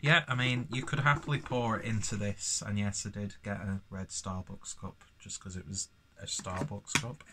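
Guy rambling through a beer review, swears a lot, lowish voice. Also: steady tone, normal speed, bright, forceful tone, slight background noise. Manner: rambling, sweary, self-mocking asides. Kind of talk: casual beer review vlog.

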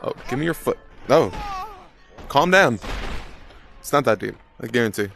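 A man's voice: mid-range voice, lively intonation, normal speed, gravelly, a bit bright, faint music behind. A young man giving casual, rambling gameplay commentary, swearing casually and poking fun at himself. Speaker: gaming video creator.

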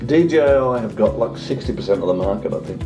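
Music plays behind this vlogger as he talks quickly and with animation. He's opening a new drone in a casual home vlog, chatting away and using a high singsong voice for his dog.

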